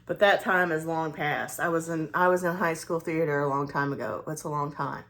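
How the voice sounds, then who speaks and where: Southern lady in her 40s, low-ish voice, rambling story, lots of restarts. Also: fairly even intonation, moderate pace, fairly bright tone, slight background noise. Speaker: vlogger. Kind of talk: casual confiding story.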